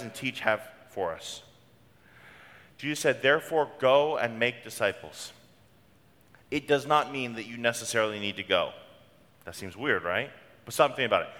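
A middle-aged pastor, his medium-pitched voice pushed and bright, delivers a conversational sermon with homely stories. He speaks from a church sanctuary, recorded with the long reverb of the hall.

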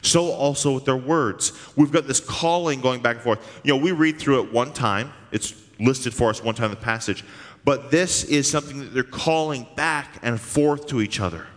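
A man preaching a sermon as pastor, earnest and emphatic, stretching key words slowly. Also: medium pitch. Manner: emphatic, earnest preaching with slow drawn-out stresses. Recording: long hall reverb.

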